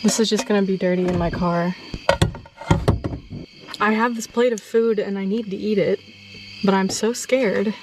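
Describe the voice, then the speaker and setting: A woman's voice: medium pitch, steady tone, normal speed, pauses often, background noise. A young woman vlogging alone at a campsite at night, nervous and laughing at herself as she talks to her phone camera. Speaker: solo camper filming herself. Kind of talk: casual vlog. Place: campsite in the woods at night, outdoors. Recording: outdoor night recording with loud crickets. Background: loud crickets, frogs and insects.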